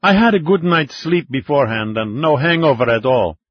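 A tall, humble Italian cop speaks politely and understates his skill, in a raised, light voice, as a male narrator puts him on. The tone is husky and the recording dull and dry. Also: mid-range voice, animated, normal speed, no echo, pitched above the performer's own voice, lightly acted. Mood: modest.

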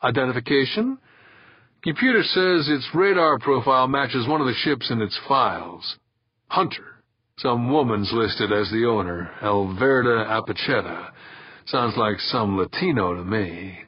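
A man's voice: mid-range voice, lively intonation, a little slow, slightly rough, no echo, highs cut off. A man voicing a bearded ship's first mate giving a matter-of-fact report.

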